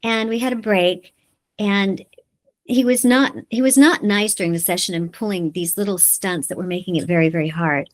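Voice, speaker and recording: A middle-aged woman voice actor, chatting in an interview as a lively storyteller who laughs often. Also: medium pitch, moderate pace. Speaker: voice actor guest. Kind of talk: casual interview chat.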